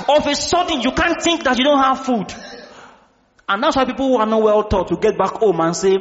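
A male pastor, preaching an impassioned sermon and often shouting to the congregation. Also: very high voice, fairly quick, in a large hall, dull audio, background noise.

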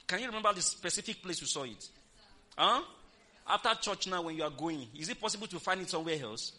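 Preaching fast, a woman pastor's pitch swings wildly and lively, her tone bright and forceful. She peppers the congregation with rhetorical questions and erupts into loud, emphatic exclamations.

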